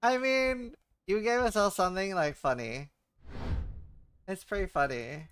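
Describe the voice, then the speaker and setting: Smooth-voiced man streaming a game. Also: sits high, unhurried, fairly bright tone, no room sound, studio quality. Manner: swears and stammers, mutters to himself. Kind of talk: casual livestream chat while gaming.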